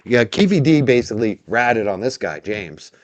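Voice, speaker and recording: A man's voice: medium pitch, sing-song, normal speed, no echo, muffled recording. Sardonic man chatting on a stream. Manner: sardonic, laughing, knowledgeable. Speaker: co-host. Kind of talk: casual streaming chat. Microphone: streaming mic.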